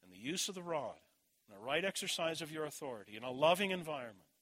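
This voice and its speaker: A middle-aged man preaching a sermon in a church, telling a family story and moving between firm and hushed delivery. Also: a little high, very animated, fast talker.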